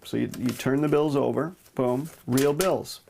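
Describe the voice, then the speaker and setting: Gravelly man explaining a magic trick. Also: normal speed, a little hiss or hum. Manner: relaxed, explanatory, punctuates with "boom". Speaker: magic instructor. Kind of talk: demonstrating and explaining a card trick.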